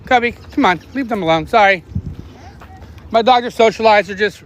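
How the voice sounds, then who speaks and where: Dude rambling on a dog walk, swears a lot, yells at the dogs now and then, kinda high voice, faint outdoor hiss. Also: male voice, normal speed. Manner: rambling, swears casually, calls out sharp commands to his dogs. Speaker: vlogger walking his dogs. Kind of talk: casual live-stream chat.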